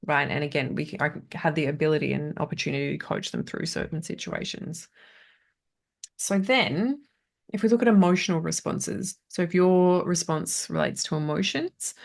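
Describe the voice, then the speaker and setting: A woman's voice: deep voice, creaky. A woman, teaching a casual coaching masterclass in a chatty way, often checking in with "right?". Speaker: trauma coach.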